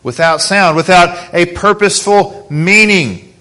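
A man's voice: sits high, a little slow, bright, forceful tone. A man preaching a sermon as pastor, in a conversational way, asking the congregation questions.

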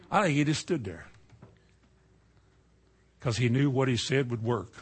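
A middle-aged man preaching a sermon in a folksy storytelling way, dropping to a hush and then rising to loud cries. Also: mid-range voice, lively intonation, brisk, pauses often, husky.

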